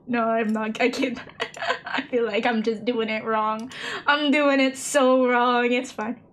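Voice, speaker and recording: A young woman streaming a game, chatting casually and self-mockingly with her viewers and herself while soft lo-fi music plays behind her. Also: fairly high pitch, steady tone, takes it slowly. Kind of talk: casual live-stream chat while gaming. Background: soft lo-fi background music.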